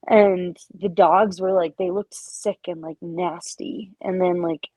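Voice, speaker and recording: A woman's voice: fairly low pitch, steady tone, takes it slowly, darkish tone, dry recording, poor audio. A woman guest on a podcast who talks casually and fills her speech with "like". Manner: chatty, lots of filler 'like'. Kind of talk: casual chat.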